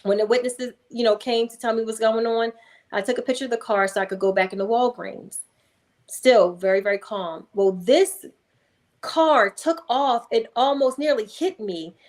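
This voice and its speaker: A woman with a slightly raised pitch speaks as a guest hypnotherapist in an interview. She tells a story in a calm but emphatic way and briefly acts out other people's voices. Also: normal speed.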